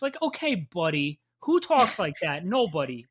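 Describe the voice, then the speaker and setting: A man's voice: high-pitched, big pitch swings, moderate pace, fairly bright tone, slightly rough. A man from New Jersey with a Jersey accent, co-hosting a casual recap podcast, rambling and swearing as he laughs along. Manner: profane, rambling, laughs often. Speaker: podcast co-host.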